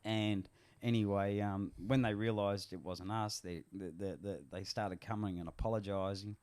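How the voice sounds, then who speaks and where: A man's voice: fairly low pitch, steady tone, moderate pace, a little mellow, clear, resonant tone. Blunt man telling a story. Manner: blunt, swears freely, many restarts. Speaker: podcast guest. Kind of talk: casual storytelling.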